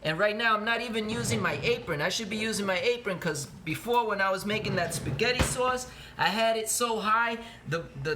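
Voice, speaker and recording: A man's voice: high voice, sharp tone, a little hiss or hum. A man, a teacher, giving a chatty, playful cooking demonstration to his students in a home kitchen, talking to the camera a helper holds. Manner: playful, chatty, speaks straight to the kids. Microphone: camera held by a cameraman.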